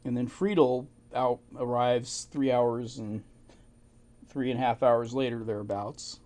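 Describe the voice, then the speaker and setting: A man's voice: medium pitch, fairly even intonation, unhurried, warm tone. A man casually reading and retelling old documents, with informal asides and chuckles. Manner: informal, chuckling asides, fillers like "you know". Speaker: amateur history narrator. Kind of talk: casual narration of archive documents.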